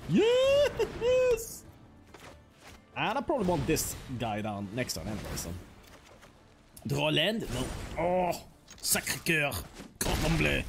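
A man streaming a card game, chatting casually and joking as he plays. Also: mid-range voice. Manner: playful, joking, laughs often, mock-French asides. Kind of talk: casual gameplay commentary.

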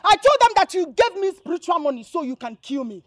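A fiery young Nigerian village woman shouting and scolding in a very high, swooping voice. Her Nigerian accent is strong and her tone defiant. The sound is dry and close, like film dialogue. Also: big pitch swings, quick pace, dry recording. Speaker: village girl. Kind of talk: Nollywood film acting.

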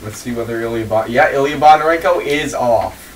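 A man's voice: mid-range voice, fairly quick. A man hosting and commentating an online sim race, reading the starting grid and bantering with his co-commentators. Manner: reads grid lines in a steady list, joking banter. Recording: distant mic with faint room noise.

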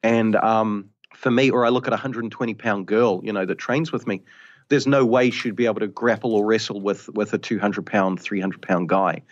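A man's voice: fairly low pitch, steady tone, normal speed, highs cut off. A man from New Zealand, a karate instructor, talking casually in a podcast interview and often saying "you know". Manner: thoughtful, rambling, frequent "you know".

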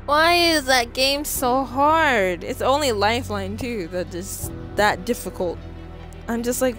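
A woman's voice: fairly high pitch, slow. Exasperated young woman ranting at a game. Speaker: gaming streamer. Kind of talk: casual let's play commentary. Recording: game music playing behind. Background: game music.

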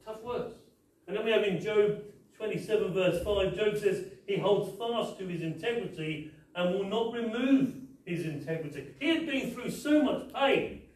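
In a large church hall, a man preaches emphatically, posing rhetorical question after rhetorical question. His voice is high, animated and somewhat dark, delivered at a moderate pace. The recording is very echoey, with the mic placed far away.

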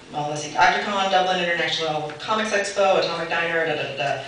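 A woman's voice: fairly low pitch, quick pace, few pauses, a little hiss or hum. A woman presenting a convention bid, reading a prepared letter aloud to a panel and breaking off now and then to laugh and ad-lib. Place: convention meeting room. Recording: echoey hall from far off with loud ambience.

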